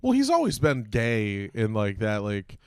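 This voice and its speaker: A man co-hosting a comedy podcast in casual chat, laid-back and agreeable, dropping quick quips. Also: fairly low pitch, huge pitch swings, clear, resonant tone, no room sound, clean studio sound. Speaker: podcast co-host.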